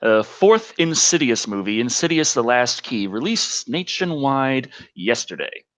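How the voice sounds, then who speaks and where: A man's voice: mid-range voice, very animated, measured pace, a bit bright. A man hosting a live show, chatting casually, rambling and laughing often. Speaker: show host. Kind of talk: casual live-stream chat. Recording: slightly dull lo-fi audio.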